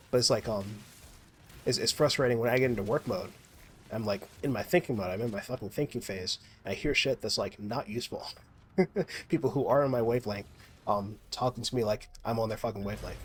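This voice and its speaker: A man's voice: medium pitch, slight background noise. A man in a casual, rambling monologue while gaming, swearing a lot and restarting his sentences often. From United States. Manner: rambling, profane, many restarts and fillers. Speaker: gaming vlogger.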